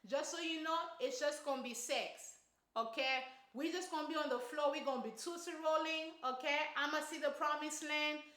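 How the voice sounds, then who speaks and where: A woman's voice: high voice, normal speed, sharp tone, roomy sound. A woman voicing a defiant grown woman who talks blunt and bossy. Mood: offhand.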